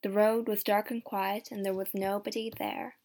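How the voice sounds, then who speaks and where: A woman reading a story aloud as narrator, clear and measured. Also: medium pitch, flat delivery, warm tone.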